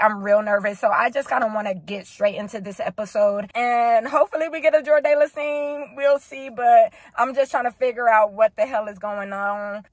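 A woman with a hoarse voice and speech, hosting a loud, expressive reaction video, squealing and cursing. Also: medium pitch, no room sound. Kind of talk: casual reaction commentary.

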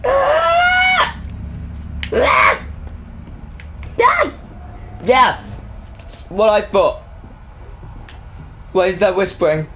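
A man's voice: high-pitched, lively intonation, slow pace, pauses often, sharp tone. Jumpy young man commenting on a horror game. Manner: jumpy, yelps and talks back at the game. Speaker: gaming YouTuber.

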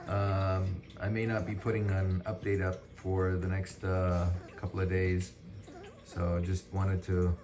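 A man who breeds dogs, chatting casually on a vlog and talking fondly to puppies, filmed on a handheld camera indoors. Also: deep voice. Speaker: dog breeder. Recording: noisy home video.

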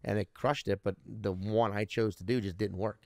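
In a studio-quality recording with no room sound, a comedian guest in his thirties speaks at normal speed in a steady, somewhat low, slightly mellow voice. Swearing constantly, he rambles through stories in a casual interview.

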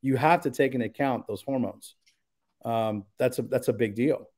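Male pastor guest, mid-pitched, earnest and emphatic, casual talk. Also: normal speed, darkish tone. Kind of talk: casual podcast conversation.

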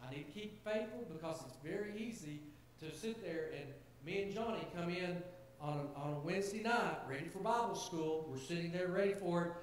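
A pastor with a somewhat high voice preaches earnestly and conversationally, leaning into his points. His voice rings around a very echoey church hall. A faint hiss sits under the recording. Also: fairly quick. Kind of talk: sermon to a church gathering. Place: church sanctuary.

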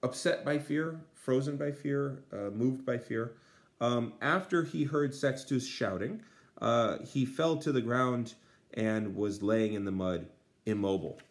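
A man's voice: mid-range voice, unhurried. A man Latin teacher translating a textbook aloud, with many fillers and dry asides.

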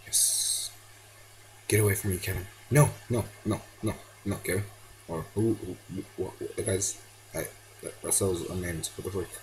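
A man's voice: low-pitched, normal speed, slight background noise, rough recording. A teenage boy giving casual gameplay commentary, yelping and pleading at the game and slipping into now and then. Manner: excitable, yelps and pleads at the game. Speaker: gamer.

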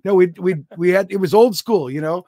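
Gravelly, high-voiced comedian man. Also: fairly quick, dry recording, studio quality. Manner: self-deprecating, animated, jokey asides. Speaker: comedian guest. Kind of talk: comic storytelling.

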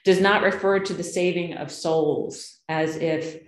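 A woman's voice: fairly low pitch, fairly even intonation, unhurried. A woman pastor preaching a conversational sermon, telling stories with asides and rhetorical questions. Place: church sanctuary. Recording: echoey church sanctuary.

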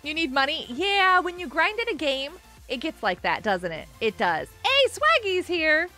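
A woman hosts a casual live stream with a very high, bright voice that jumps around in pitch. She giggles often and talks straight to her chat. Faint music plays behind her. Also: sing-song, moderate pace. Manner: bubbly, giggly, reads chat aloud.

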